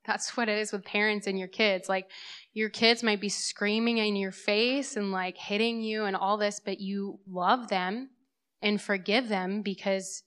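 A woman's voice: mid-range voice, steady tone, measured pace, fairly bright tone, clean tone. A young woman, a mother, sharing a thought in a church group, hesitant and full of "like". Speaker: congregation member.

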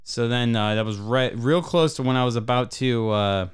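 A man from Michigan spins a long, swearing road story on a podcast, rambling and casual. His voice is smooth and resonant at an everyday middle pitch. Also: normal speed. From Michigan, USA. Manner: profane, rambling anecdote-telling. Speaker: podcast co-host.

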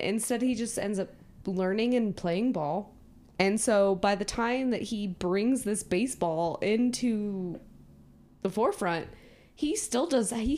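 A woman's voice: a little high, a little mellow. A woman co-hosting a podcast, chatting casually and animatedly, laughing, swearing and acting out scenes in quoted voices. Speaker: podcast co-host. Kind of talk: casual chat recapping a movie.

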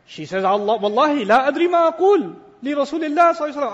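An Islamic speaker gives a sermon-style talk, animatedly retelling a story and posing questions to his audience that he answers himself. His very high voice is expressive and fast, with hardly any pauses. The recording is dull, from a lecture hall with long reverb.

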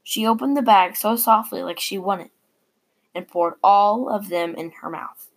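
A woman reading a personal story aloud in a plain, unhurried way with small stumbles. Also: mid-range voice, vocal fry.

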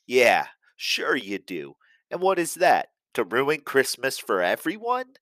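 Earnest young elf spy, read by a man, pitched up a little, dry close sound. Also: wildly swooping pitch, takes it slowly, fairly bright tone, dry recording, exaggerated voice. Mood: sarcastic.

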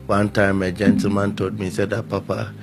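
A man's voice: lowish voice, monotone, a little fast, loud music behind the voice. A man preaching and praying, fervently repeating his declarations. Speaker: pastor.

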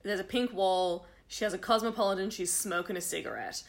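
Speaking at a medium pitch with a creaky quality and a slightly fast pace, this podcast co-host keeps things casual. She tells stories with plenty of animation and laughs frequently.

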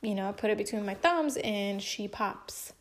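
A woman's voice: medium pitch, animated, moderate pace. A young woman casually telling a personal story at home, chatty and emotive, full of filler words.

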